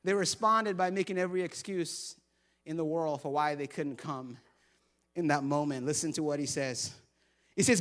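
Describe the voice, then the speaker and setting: High-voiced pastor, joking sermon. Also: male voice, moderate pace, fairly bright tone. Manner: humorous, conversational storytelling.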